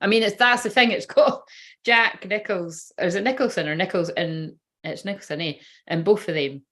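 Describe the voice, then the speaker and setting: A woman's voice: fairly low pitch, normal speed, a bit bright. A woman who works as a spiritual reader, chatting casually on a livestream, rambling, giggling and swearing freely.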